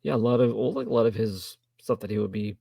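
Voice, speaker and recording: A man co-hosting a film review podcast in casual chat, low-key with dry, wry remarks. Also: fairly even intonation, fast talker, vocal fry, dark tone, no room sound. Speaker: podcast co-host reviewing films.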